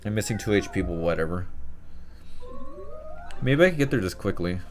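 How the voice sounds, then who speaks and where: A man's voice: low-pitched, expressive, moderate pace, faint music behind. Wry man joking over gameplay. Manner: wry, sarcastic asides. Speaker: let's player. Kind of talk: casual gameplay commentary.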